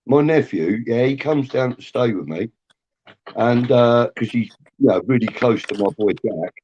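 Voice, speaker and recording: Man, middle-aged, mid-pitched, emphatic, opinionated, casual live chat. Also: moderate pace, a little mellow, dull audio. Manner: opinionated, emphatic, repeats himself.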